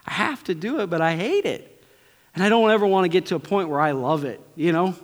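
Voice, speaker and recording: A middle-aged male pastor preaching a conversational sermon to his congregation, swinging between loud bursts and near-whispers. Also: a little high, sing-song, normal speed. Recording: long hall reverb.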